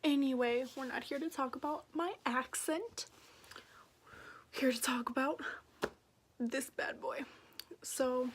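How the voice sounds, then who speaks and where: A young woman from Minnesota telling a personal story to camera in a soft voice that often drops into a breathy whisper. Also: high-pitched, a little slow, slight background noise. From Minnesota, USA. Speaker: vlogger.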